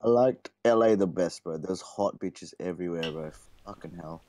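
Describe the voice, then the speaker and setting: A man's voice: low voice, normal speed, mellow, dry recording. A young man with an Australian accent chatting in loose, profane, boastful talk over voice chat on a gaming stream. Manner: swears constantly, loose and boastful. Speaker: livestream gamer. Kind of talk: casual chat over voice call.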